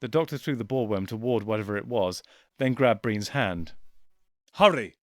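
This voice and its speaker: A man narrating a science fiction audiobook in a measured, quiet storytelling voice. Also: lowish voice, no echo, studio quality. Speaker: audiobook reader. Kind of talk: scripted narration.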